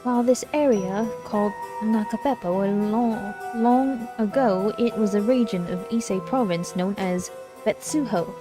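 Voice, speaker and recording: Brief: a calm female guide in a game, read by a woman, softly explaining local history. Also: mid-range voice, unhurried, music in the background, lightly acted. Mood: informative. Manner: attempted accent, soft explanatory reading.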